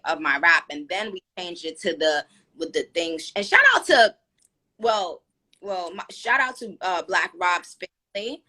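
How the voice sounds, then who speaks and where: A woman with a New York accent hosting a live stream, chatting casually with many fillers. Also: lowish voice. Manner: chatty, animated, lots of fillers.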